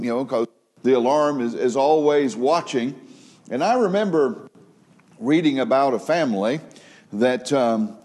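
A man's voice: medium pitch, darkish tone. A male pastor preaching a sermon, telling folksy stories and rising into emphatic preaching. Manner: folksy storytelling with a preaching rise; laughs at his own joke.

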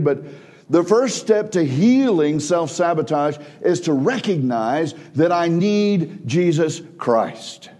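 Mellow-voiced male preacher with hushed drops. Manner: swings between emphatic raised passages and hushed low drops; frequent word repeats and restarts. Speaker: pastor. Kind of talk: sermon.

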